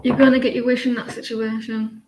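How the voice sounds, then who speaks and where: A woman's voice: on the high side, little pitch movement, a little fast, noisy background. A woman giving casual live tarot readings, talking hesitantly with many fillers and restarts. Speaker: tarot reader. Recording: dull lo-fi sound.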